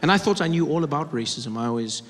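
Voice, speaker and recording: A man from Africa, performing animated stand-up storytelling. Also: on the high side, fast, noisy background. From South Africa. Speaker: comedian. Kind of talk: stand-up comedy. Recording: live hall with loud crowd.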